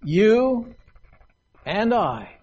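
Older male preacher, higher-pitched, slow deliberate sermon with long pauses at a podium. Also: sing-song, a little mellow, husky, muffled recording. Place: meeting hall, at a podium.

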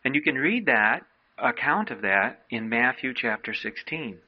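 A man's voice: medium pitch, lively intonation, unhurried, husky. Earnest male preacher delivering a sermon, mid-range voice, dull lo-fi recording. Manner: earnest exhorting, quotes King James scripture.

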